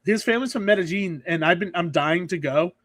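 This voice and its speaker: A man's voice: high-pitched, fairly quick, fairly bright tone, no room sound. A man co-hosting a podcast in casual chat, rambling and restarting his sentences often. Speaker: podcast co-host.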